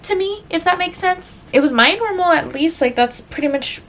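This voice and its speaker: A woman's voice: very high-pitched, animated, normal speed, fairly bright tone, a little hiss or hum. A woman vlogger talking candidly and emotionally to her viewers in a rambling, confessional chat full of fillers. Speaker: book vlogger.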